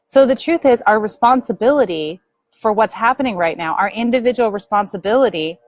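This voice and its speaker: A middle-aged woman speaking earnestly to viewers as a spiritual teacher, gently guiding them through a prayer practice. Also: mid-range voice, lively intonation, fairly quick, dry recording, low-quality recording. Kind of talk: earnest spiritual talk to camera.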